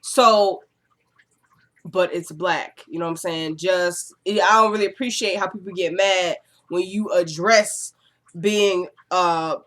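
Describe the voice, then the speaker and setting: Brief: young woman with a stuffy cold, chatty and animated, recapping a show, casual vlog delivery. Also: lowish voice, takes it slowly. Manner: chatty, animated, acts out characters' lines. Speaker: TV episode recap vlogger.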